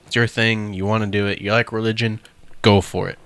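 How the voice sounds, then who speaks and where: A man's voice: lowish voice, brisk, clear, resonant tone, no echo. A young man co-hosting a casual podcast chat, swearing freely and telling stories with quoted voices. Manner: profane, animated storytelling with quoted voices. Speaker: podcast co-host.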